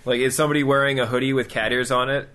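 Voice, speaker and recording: A man's voice: medium pitch, little pitch movement, rapid-fire, bright, forceful tone. A man co-hosting a gaming podcast, asking teasing questions in casual chat. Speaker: podcast co-host.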